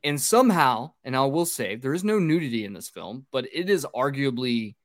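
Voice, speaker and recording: With an animated, mid-range voice at a moderate pace, this podcast host loosely recaps a movie's plot, peppering it with fillers and swearing. The studio-quality recording has no echo.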